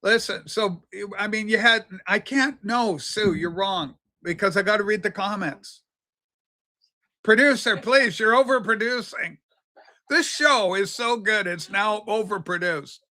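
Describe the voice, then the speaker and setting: A woman's voice: mid-range voice, measured pace, sharp tone. An older transgender woman hosting a livestream show, rambling chattily with many fillers and restarts. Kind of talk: casual rambling livestream chat.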